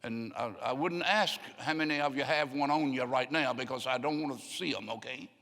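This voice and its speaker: A man's voice: medium pitch, brisk, creaky, pushed and bright. An older man preaching a sermon in a folksy storytelling way, often acting out the voices of people he quotes. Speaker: pastor. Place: church sanctuary. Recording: long hall reverb.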